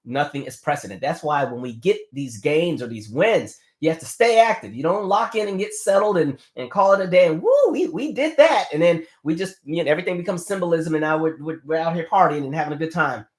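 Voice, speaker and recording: Fast-talking passionate man, fairly high voice. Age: 30s. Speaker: political commentary livestream host. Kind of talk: casual livestream commentary.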